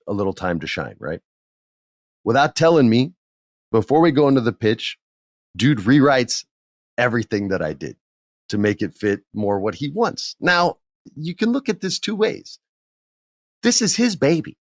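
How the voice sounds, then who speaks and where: A middle-aged man hosting a podcast, telling a work story in a candid, animated way and acting out what others said. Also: on the low side, no echo, clean studio sound. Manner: candid, animated, acts out quotes in others' voices. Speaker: podcast host. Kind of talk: casual storytelling monologue.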